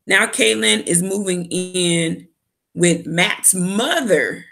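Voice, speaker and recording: A woman's voice: fairly low pitch, slow pace, vocal fry, a bit bright. A woman giving a candid, opinionated casual recap of a reality show as a vlogger. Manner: candid, opinionated, with quoted asides.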